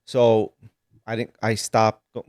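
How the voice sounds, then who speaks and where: A man who grew up in Sicily, a guest telling animated stories in casual chat. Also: on the low side, takes it slowly, no echo, clean studio sound. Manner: animated storytelling with laughs.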